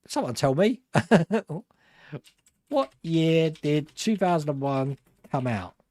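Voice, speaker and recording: A man's voice: on the high side, expressive, takes it slowly, darkish tone, no room sound, studio quality. A middle-aged British man with a British accent, hosting a live stream and chatting casually through viewer comments, rambling and laughing at himself. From Britain. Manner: chatty and rambling, laughs often, self-mocking.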